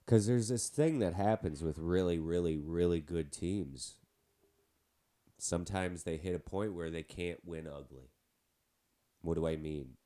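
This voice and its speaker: A man with a heavy cold talks sports on his own show, his voice stuffed-up and nasal. It sits very low and mellow as he rambles on with side remarks about his teams. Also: measured pace. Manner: chatty, rambling with asides. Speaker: podcast host. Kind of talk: casual sports podcast talk.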